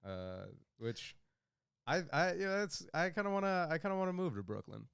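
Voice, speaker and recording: Male podcast co-host, smooth resonant voice, dry close sound, joking banter. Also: fairly high pitch, big pitch swings, a bit bright, dry recording. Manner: joking, quick back-and-forth reactions. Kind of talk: casual chat.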